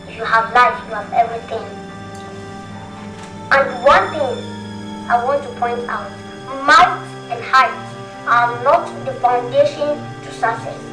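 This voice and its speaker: A Ghanaian man playing a boastful film actor being interviewed on TV, speaking in a grand, preachy, halting way. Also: very high-pitched. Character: boastful male film actor guest on a talk show. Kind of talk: film dialogue. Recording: roomy film audio over music.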